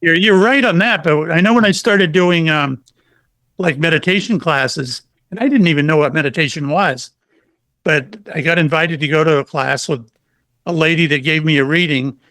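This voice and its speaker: A man's voice: fairly high pitch, moderate pace, no echo. A middle-aged man, a psychic medium guest, telling stories in a casual interview and acting out the quotes. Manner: animated storyteller, acts out quotes.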